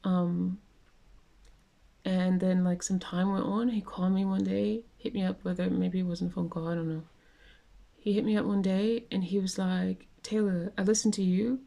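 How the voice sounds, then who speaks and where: Young woman, casual vlog rant, mellow voice, rambling delivery with lots of fillers. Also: mid-range voice, little pitch movement, moderate pace, vocal fry. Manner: rambling, many fillers and restarts. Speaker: vlogger.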